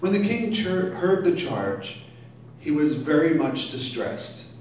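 A man's voice: a little high, big pitch swings, darkish tone, a little hiss or hum. A male pastor reading scripture aloud and stopping to explain it in a sermon. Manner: reads scripture, then pauses to explain it. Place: brewery taproom. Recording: very echoey room, distant mic.

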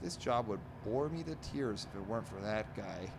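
A man voicing a deadpan, teasing male mailman from a comic strip, dry and mock-serious. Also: on the low side, moderate pace, noisy background.

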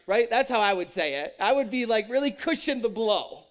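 A man's voice: very high voice, lively intonation, a little fast. A man preaching a sermon in a conversational, joking and emphatic way. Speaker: pastor.

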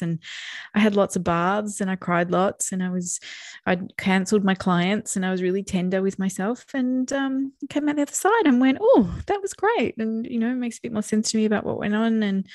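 A middle-aged podcast co-host with a medium-pitched voice chats casually, reflecting candidly and openly on her feelings. Warm in manner, she laughs a lot. The recording is clean studio sound without echo.

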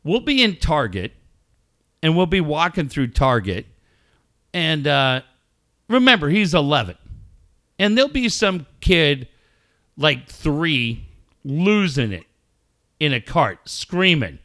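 A middle-aged man with a fairly high, bright voice that swings widely in pitch as he tells stories. He co-hosts a radio show in casual banter. He curses freely and acts out yelling scenes with gusto. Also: takes it slowly, long pauses, no room sound, clean studio sound. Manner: excitable storyteller, mimics yelling, swears freely. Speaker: radio co-host.

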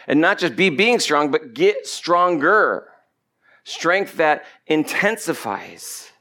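A man's voice: a little high, big pitch swings, slow pace, sharp tone. A man preaching a sermon, emphatic and repetitive, stretching out key words for stress. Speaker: pastor.

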